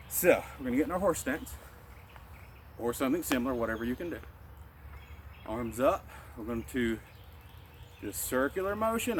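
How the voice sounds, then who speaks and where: A man teaching a guided qigong lesson as a martial arts instructor, calmly cueing breaths and movements. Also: mid-range voice, slight background noise. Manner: calm, cueing breaths and moves.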